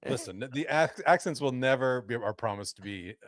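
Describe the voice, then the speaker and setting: A man co-hosting a casual golf podcast, animated and swearing freely. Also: mid-range voice, fairly quick, no room sound. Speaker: podcast co-host.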